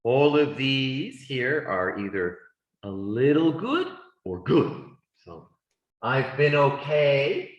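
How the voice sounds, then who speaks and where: A man teaching an English class, speaking slowly and deliberately for students. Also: lo-fi sound. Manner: slow, deliberate speech with lively pitch swings. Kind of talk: classroom lesson. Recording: echoey classroom sound.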